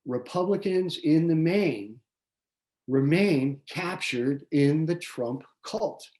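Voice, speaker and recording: A man hosting a local community forum, giving prepared political commentary in a measured way, reading from notes with small restarts. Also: on the high side, a little mellow. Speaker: forum host.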